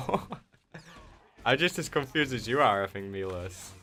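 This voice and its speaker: A man's voice: mid-range voice, animated, unhurried. A man with an English accent, a game streamer in casual chat with his viewers, joking and answering their questions. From England.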